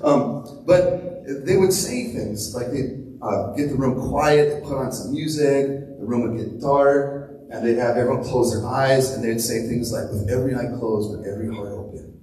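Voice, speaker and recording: A man's voice: medium pitch, unhurried, dark tone. A man in his thirties preaching a casual, conversational sermon, chatty and full of fillers like "like" and "right?". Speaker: pastor. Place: church hall. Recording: echoey hall from far off, faint noise.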